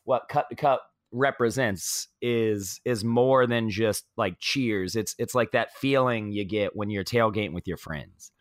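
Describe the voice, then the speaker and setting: A man co-hosting a podcast who tells stories in an animated, casual way. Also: fairly low pitch, unhurried, few pauses, no echo, clean studio sound. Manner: animated storyteller. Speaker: podcast co-host. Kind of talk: casual chat.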